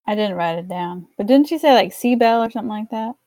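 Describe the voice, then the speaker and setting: A woman guesting on a podcast in casual film review chat, animated and quick to laugh. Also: mid-range voice, no room sound.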